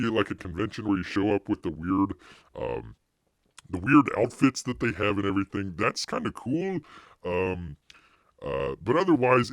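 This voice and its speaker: A man's voice: on the low side, no room sound, clean studio sound. A man hosting a live stream, chatting casually in a rambling way, with frequent restarts and laughter. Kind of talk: casual review chat.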